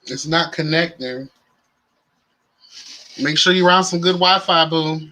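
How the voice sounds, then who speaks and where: This livestream host has a fairly high, sharp-toned voice and takes his time as he chats casually with viewers. Tired-sounding but sassy and playful, he addresses them as "honey" and "child."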